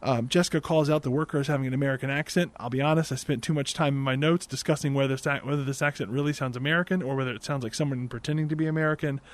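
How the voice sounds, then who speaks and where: A young man recapping a movie in a sarcastic, exasperated comedic rant into a desk microphone on a boom arm, swearing now and then. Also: steady tone, racing, hardly any pauses. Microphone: desk mic on a boom arm.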